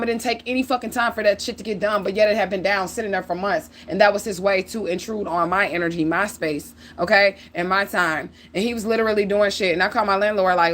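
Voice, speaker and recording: Profane, animated woman telling a story live. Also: mid-range voice. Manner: animated, profane, addresses viewers directly. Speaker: livestream host. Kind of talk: casual livestream storytelling.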